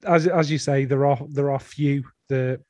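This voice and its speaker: A man's voice: medium pitch, steady tone, normal speed, warm tone, no echo. Hesitant male co-host, dry close sound. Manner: hesitant, repeats words, defends his points. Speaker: podcast co-host. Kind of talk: casual chat reviewing an album.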